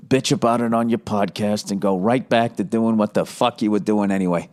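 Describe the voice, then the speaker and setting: A man in his fifties with a Boston accent, hosting a podcast with a profane, exasperated comedic rant and quick impressions of others. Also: fairly low pitch. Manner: profane, exasperated, mimics others mid-story. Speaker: podcast host. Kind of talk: comedic ranting monologue.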